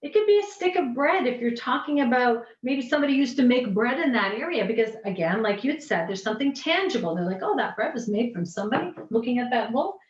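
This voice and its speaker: High, animated woman coaching over a call. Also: quick pace, hardly any pauses. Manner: animated, gushing, trails off in restarts. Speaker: sales pitch coach. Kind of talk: workshop Q&A over video call. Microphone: video call. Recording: dull, roomy, distant video call audio.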